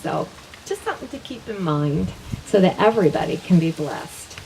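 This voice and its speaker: A woman's voice: on the low side, expressive, normal speed, darkish tone. Upbeat woman leading affirmations from afar. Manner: upbeat, repeats each phrase twice, laughs often. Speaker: wellness teacher. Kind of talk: teaching a class, leading spoken affirmations. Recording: voice from a distance with faint background noise.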